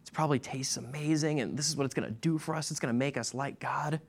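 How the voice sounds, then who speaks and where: Soft coaxing temptress lady, a preacher doing her lines. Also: mid-range voice, fast talker, gravelly, voice pushed up. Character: first woman tempting her husband, coaxing.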